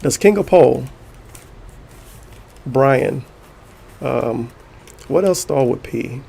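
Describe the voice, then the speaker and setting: A male streamer reacting live to forum posts, sarcastic and mocking, swearing freely. His voice has a gravelly, creaky texture at a middle pitch. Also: animated, takes it slowly, dark tone. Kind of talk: casual stream commentary, reading aloud.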